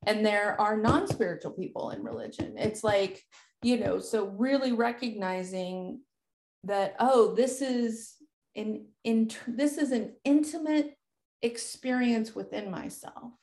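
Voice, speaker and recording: A woman's voice: a little high, a little slow, darkish tone. Candid storytelling woman, echoey room. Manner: candid, swears freely, lots of filler words. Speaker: podcast host. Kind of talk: casual conversation, personal storytelling.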